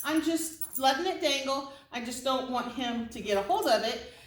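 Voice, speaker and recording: A woman dog trainer in a casual, chatty way, explaining how to start a tug game with a dog in an instructional video, with high, excited praise for her dog during play. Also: moderate pace, echoey room, distant mic, rough recording. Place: indoor training space with other dogs around.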